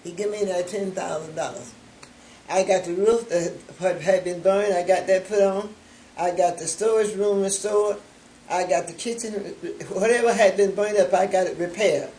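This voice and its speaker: An older woman telling her faith testimony in a room with a noticeable echo. She acts out each remembered exchange, leaning on "I said" and "he said" as she goes. Her pitch sits in a middle range. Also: steady tone, warm tone, slight background noise. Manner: storytelling that acts out both sides of remembered conversations; unhurried, with repeated "I said" and "he said". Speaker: charity founder giving testimony. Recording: roomy echo.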